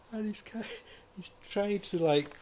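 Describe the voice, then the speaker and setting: A man's voice: high-pitched, darkish tone, slight background noise. A man reviewing comics in casual chat, talking in an enthusiastic, rambling way and often restarting his sentences.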